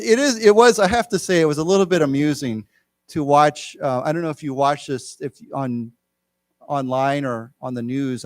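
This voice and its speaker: Man, middle-aged, English teacher, rambling classroom chat, slightly high voice, dry close sound. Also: no echo. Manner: chatty, rambling, with animated quoted voices. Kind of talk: casual classroom lecture. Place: lecture room.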